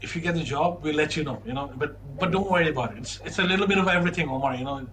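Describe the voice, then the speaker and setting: A man voicing an easygoing middle-aged male office boss who speaks in a soft, relaxed, reassuring way. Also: a little high, very fast, distant mic, a little hiss or hum, lightly acted.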